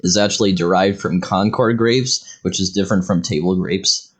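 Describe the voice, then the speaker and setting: Deep-voiced podcast guest man, halting explainer. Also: steady tone, slightly rough. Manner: hesitant explainer with fillers. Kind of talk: casual podcast chat.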